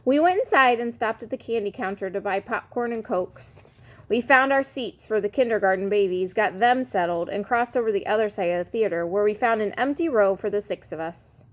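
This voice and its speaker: A woman reading a children's chapter book aloud in a lively, expressive way. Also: medium pitch, a little fast. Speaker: reader.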